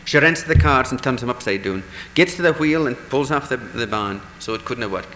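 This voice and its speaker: A man telling a traditional folk tale in a lively, animated way, acting out the voices in the dialogue. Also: medium pitch, moderate pace, reverberant, big-room sound, slight background noise, low-quality recording. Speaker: storyteller.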